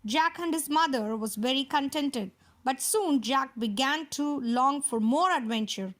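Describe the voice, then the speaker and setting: A woman reading a fairy tale aloud for children in a steady storytelling manner. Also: high voice.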